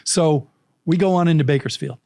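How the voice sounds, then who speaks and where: A man in his sixties spins a childhood story for an interviewer, slipping in the voices of its characters. His voice sits a little above the usual pitch for a man, and his delivery is vivid and animated. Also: brisk, gravelly, dry recording, clean studio sound. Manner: vivid anecdotes, acting out quoted voices. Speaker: guest, storytelling coach.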